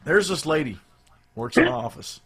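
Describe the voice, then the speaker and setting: A man's voice: a little high, wildly swooping pitch, moderate pace, gravelly, a bit bright, breathy edge, faint music behind. A man co-hosting a live show, chatting casually in a rambling, jokey way with loose restarts. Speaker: podcast co-host.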